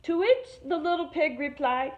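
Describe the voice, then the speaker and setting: A high-pitched woman teacher reads a picture book aloud to children at a moderate pace, expressive and stopping now and then to explain words. The audio is muffled and lo-fi.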